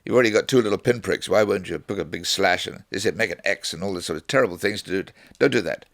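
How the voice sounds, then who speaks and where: A man's voice: low-pitched, fast. A man, a snake wrangler, talking bluntly in casual chat and acting out little scenes. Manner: blunt, animated storyteller, acts out voices.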